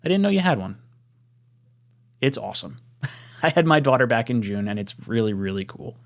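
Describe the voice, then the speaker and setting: A young man hosting a casual live stream. He reads out viewer comments and laughs often, and his voice jumps up when he gets excited. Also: on the low side, moderate pace.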